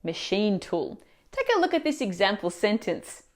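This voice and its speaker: A woman teaching Italian pronunciation in a scripted video lesson, explaining words clearly and asking the viewer questions. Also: mid-range voice, very animated, moderate pace.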